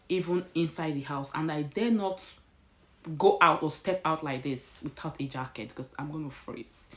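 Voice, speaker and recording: A woman with a Nigerian accent chatting casually to camera at home, slipping in Pidgin phrases. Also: low voice. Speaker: vlogger. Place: indoors at home.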